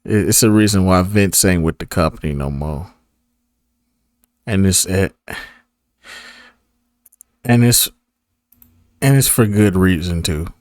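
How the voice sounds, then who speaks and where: A man's voice: sits low, takes it slowly, pauses often, a little mellow, dry recording, clean studio sound. A man reacting casually to a wrestling video, with slangy, laughing asides. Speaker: reaction streamer.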